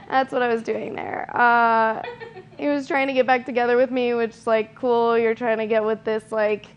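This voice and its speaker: Deadpan young woman doing stand-up. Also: on the high side, normal speed, a little hiss or hum. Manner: self-deprecating, deadpan delivery with frequent laughs and filler ums. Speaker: stand-up comedian. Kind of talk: stand-up comedy set. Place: comedy stage. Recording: dull lo-fi live recording.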